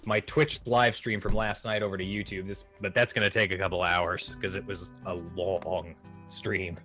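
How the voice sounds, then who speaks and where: A man's voice: sits low, moderate pace, faint music behind. A man from the Seattle area chatting casually as a guest on a live stream. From Seattle area, USA. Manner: chatty, animated when ranting.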